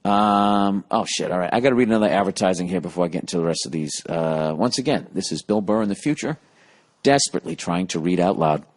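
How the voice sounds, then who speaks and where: Profane rambling podcast host, late forties. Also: male voice, sits low, fast. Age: 40s. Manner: profane, rambling, self-mocking. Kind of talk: casual comedic rant.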